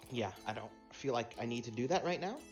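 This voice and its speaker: A man in casual voice chat with other players, talking in a laid-back, unhurried way. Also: medium pitch, expressive, music in the background.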